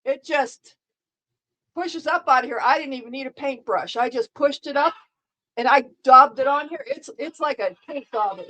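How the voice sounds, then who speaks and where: A woman's voice: sits high, normal speed, pushed and bright, poor audio. A middle-aged woman streaming live, chatting casually in a dry, sarcastic, rambling way with frequent restarts.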